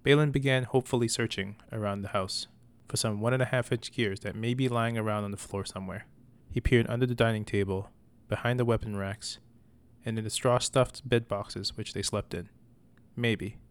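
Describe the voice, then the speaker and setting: A man reading a story aloud as narrator, in a measured, even manner. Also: fairly low pitch, clear, resonant tone.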